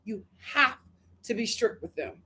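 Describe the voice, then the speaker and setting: An American woman hosting a live review stream. She reads viewer comments aloud and answers them in slangy, chatty talk, laughing often and drifting into quick asides. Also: a little high, lively intonation, pushed and bright, slightly rough. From United States. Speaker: reality TV reviewer hosting a livestream. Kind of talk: casual livestream commentary reading viewer comments.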